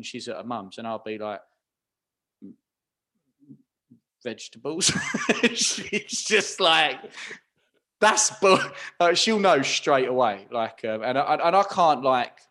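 A man's voice: mid-range voice, huge pitch swings, unhurried, sharp tone. A man, co-hosting a podcast in casual, self-deprecating chat, saying "like" often. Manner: self-deprecating, says "like" a lot. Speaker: podcast co-host.

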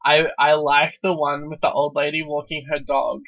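A co-host in casual podcast chat, with a mid-pitched voice, crude and sweary, laughing easily. The recording is dull and lo-fi. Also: level tone, normal speed.

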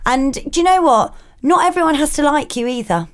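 Woman, podcast co-host, forthright and sweary, slightly high voice. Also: lively intonation, a little fast. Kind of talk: casual chat.

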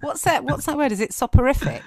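A woman's voice: sits high, lively intonation, quick pace, creaky, no room sound, clean studio sound. A woman in her thirties, a podcast co-host chatting casually, laughing often and acting out quotes. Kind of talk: casual chat.

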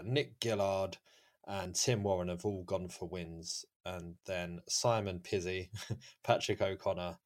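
Chatty lowish-voiced male podcast host. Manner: chatty, laughs often, many fillers. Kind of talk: casual football podcast chat.

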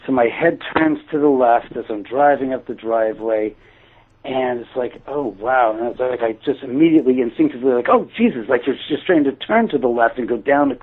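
A man casually telling a personal story, acting out his own quoted thoughts with lively shifts. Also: mid-range voice, a little fast. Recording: tinny phone-like line.

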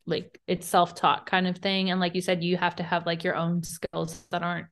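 A woman's voice: fairly low pitch, level tone, normal speed. A young woman from Virginia with a light Southern accent, co-hosting a casual podcast chat, laughing often and filling her talk with "like". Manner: chatty, laughs often, says "like" a lot. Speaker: podcast co-host.

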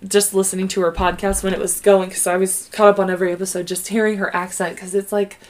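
Casual woman co-host, rambling, filler-heavy, mid-pitched. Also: flat delivery, fast talker. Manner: rambling, many fillers and restarts. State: pregnant. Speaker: podcast co-host. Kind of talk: casual chat.

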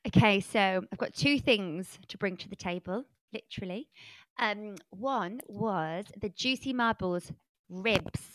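A woman co-hosts a podcast, joking and giggling through casual chat. Her pitch is middling. The recording is dry and close. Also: measured pace, no echo. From English Midlands. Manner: playful, giggly, jokey. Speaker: podcast co-host.

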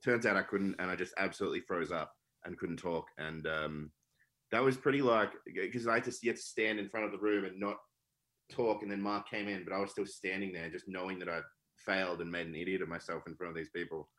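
A man's voice: sits low, fairly even intonation, fairly quick, fairly bright tone. A man co-hosting a podcast from away, talking candidly and reflectively. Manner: candid and reflective, with many fillers. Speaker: podcast co-host. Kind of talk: casual podcast chat. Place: away from the studio.

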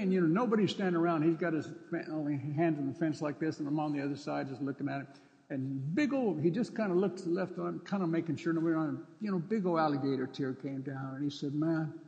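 A man preaching a sermon, telling stories and acting out dialogue with sudden loud outbursts. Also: fairly high pitch, vocal fry, long reverb tail. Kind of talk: sermon with storytelling.

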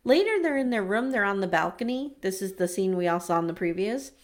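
A woman's voice: medium pitch, a little fast. A woman co-hosting a podcast, recapping a reality show in casual, sarcastic chat and acting out the quotes. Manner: animated, sarcastic, acts out quotes. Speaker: podcast co-host.

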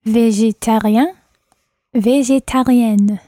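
A woman as a learner in a spoken language lesson, calmly and carefully repeating phrases. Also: on the high side, slow pace, no echo, studio quality. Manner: calm, careful repetition. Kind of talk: repeating phrases after a teacher.

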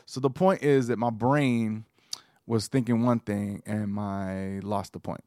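A man's voice: lowish voice, fairly even intonation, a little slow, a little mellow, no room sound, studio quality. A man co-hosting a podcast, chatting casually and joking, with a rambling style full of fillers and restarts. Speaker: podcast co-host.

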